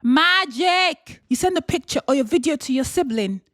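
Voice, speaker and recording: A young adult woman giving a casual motivational vlog monologue, animated, breaking into exaggerated excited voices and laughter. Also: high-pitched, quick pace, no room sound, clean studio sound. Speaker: lifestyle vlogger.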